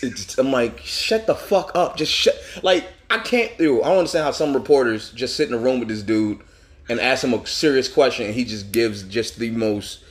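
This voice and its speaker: A man co-hosting a comedy podcast, ranting in an exasperated, profane, casual way. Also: mid-range voice. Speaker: podcast co-host.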